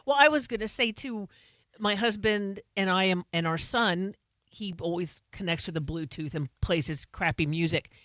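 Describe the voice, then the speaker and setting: A woman co-hosting a casual show in a studio, exclamatory and quick to laugh. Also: mid-range voice, fairly bright tone, dry recording. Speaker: co-host. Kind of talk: casual radio-show chat. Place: broadcast studio.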